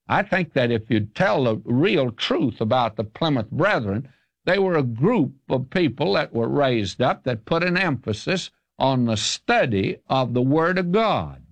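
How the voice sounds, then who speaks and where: A man's voice: medium pitch, very animated, a little slow, no room sound. An older man from the South, answering listeners' questions as a radio Bible teacher in an emphatic, folksy way. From American South.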